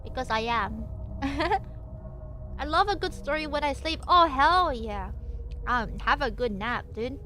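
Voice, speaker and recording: A woman's voice: high voice, expressive, slow, bright, forceful tone, slight background noise. A young woman streamer reading aloud and chatting with viewers, playful and giggly with lots of jokey asides. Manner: chats with viewers between passages. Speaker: VTuber streamer.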